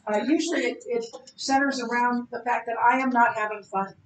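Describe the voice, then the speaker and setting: A woman teaching a Bible class in a conversational lecture style, chatty and animated, with many fillers and restarts. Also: a little high, fairly quick, distant mic. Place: church classroom. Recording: roomy echo with faint background hiss.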